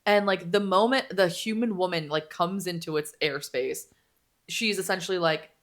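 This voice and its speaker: A woman's voice: on the low side, normal speed. A young woman co-hosting a podcast, chatting casually and giggling as she retells a story, with lots of "like". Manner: giggly, animated retelling with many "like"s. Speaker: podcast co-host. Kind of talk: casual chat.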